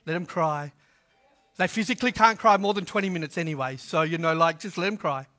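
A man preaching a sermon in a humorous, conversational way, swinging from loud to hushed. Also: a little high, a little fast, faint music behind. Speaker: pastor.

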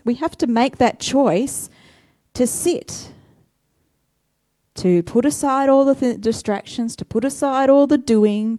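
A woman's voice: on the high side, mellow, no room sound, studio quality. Woman preaching in a conversational way. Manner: conversational, self-deprecating, rhetorical questions. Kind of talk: sermon.

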